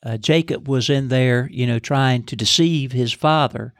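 A man's voice: medium pitch, measured pace, dry recording, studio quality. A middle-aged father and church leader discussing the Bible in a folksy, explanatory way. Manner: folksy, explanatory, affirms with "that's exactly right".

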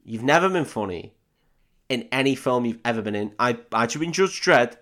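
A man voicing a foul-mouthed, gruff male action-hero cop in a casual film recap, ranting and swearing. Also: medium pitch, animated, moderate pace, a bit bright, close to an everyday voice. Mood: insulting. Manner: crude, swearing rant.

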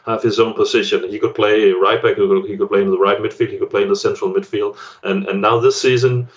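A man with a slightly low voice talks football as a guest pundit. He halts often, repeating words before pushing on. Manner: hesitant, many restarts and repeated words. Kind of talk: casual football discussion.

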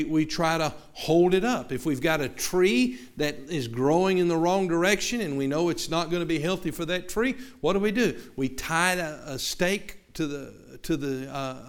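Southern-accented male pastor, highish voice, conversational sermon with lots of restarts and asides to the room. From American South.

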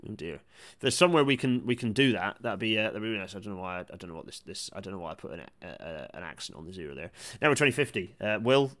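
Rambling man hosting a livestream. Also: mid-range voice. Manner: rambling, with frequent restarts and excited outbursts. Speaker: live-stream host reading chat. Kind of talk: casual live-stream commentary.

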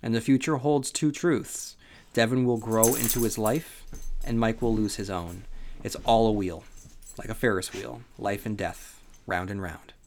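A man's voice: lowish voice, steady tone, a little slow, a little mellow, slight background noise. A sleepy man hosting a podcast from home, talking casually about a book with lots of fillers and restarts. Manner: rambling, many fillers and restarts. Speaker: podcast host. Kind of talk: casual solo book discussion. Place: home on a rainy day.

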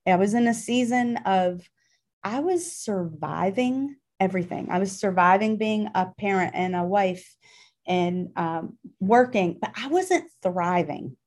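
A woman's voice: medium pitch, expressive, a little slow, a little mellow. Earnest middle-aged woman telling a story. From Pittsburgh, Pennsylvania. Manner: earnest, emotional, with many fillers and restarts. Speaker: interview guest. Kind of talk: personal storytelling in an interview.

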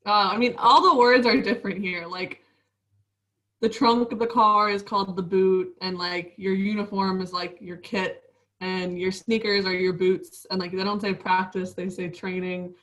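A woman's voice: medium pitch, level tone, moderate pace, a bit bright, distant mic, low-quality recording. A woman in her twenties, a professional basketball player, chatting casually as an interview guest with many fillers and frequent laughs.

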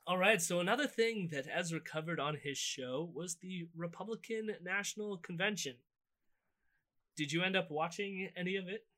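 Guy cohosting a podcast, bright tone, kinda sarcastic recapping clips. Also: sits high, normal speed. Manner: loose and sardonic, recapping clips. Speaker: podcast co-host. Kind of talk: casual political commentary chat.

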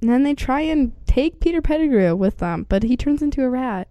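A woman with a fairly high but mellow voice chats casually. She adds quick remarks and picks up the story herself. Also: expressive, no echo. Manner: chatty, joins in with quick remarks. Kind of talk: casual chat.

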